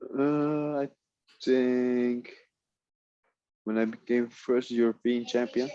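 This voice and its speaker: A man whose first language is Dutch, telling stories in a relaxed way in a casual interview, often laughing. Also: mid-range voice, slow pace, muffled recording. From Netherlands. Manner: relaxed storytelling with frequent laughs and restarts. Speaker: guest, MMA fighter.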